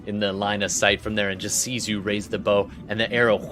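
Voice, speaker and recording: A man's voice: lowish voice, little pitch movement, a little fast, music in the background. A man narrating as game master of a tabletop game, descriptive with frequent restarts.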